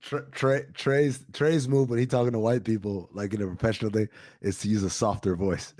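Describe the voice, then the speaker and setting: A man's voice: fairly low pitch, steady tone, brisk, a little mellow, no echo, studio quality. A man co-hosting a podcast, teasing his friends and laughing through casual stories. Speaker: podcast co-host.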